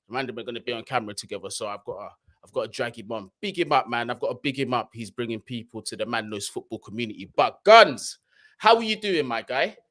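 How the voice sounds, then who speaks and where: Hyped slangy man, bright dry sound. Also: medium pitch, fast talker, no room sound. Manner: hyped, slangy, swears freely. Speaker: co-host of a football live stream. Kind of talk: casual chat. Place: New York City.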